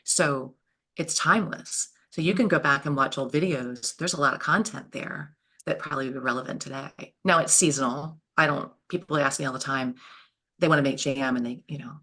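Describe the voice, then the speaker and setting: A woman, telling homestead stories in a lively, animated way as an interview guest. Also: extremely low pitch, brisk. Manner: lively, animated storyteller with frequent laughs. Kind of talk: storytelling in an interview.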